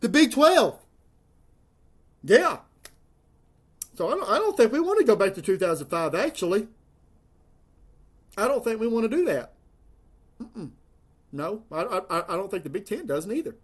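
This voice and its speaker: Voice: medium pitch, very animated, moderate pace, pauses often. A college football commentator, ranting to the camera in a sarcastic, mocking, rambling way. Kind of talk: sports rant to camera.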